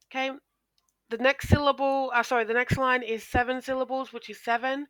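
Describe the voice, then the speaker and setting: A woman's voice: on the high side, moderate pace, noisy background. A woman teacher explaining poetry in a recorded lesson, talking into a close microphone with frequent ums and restarts.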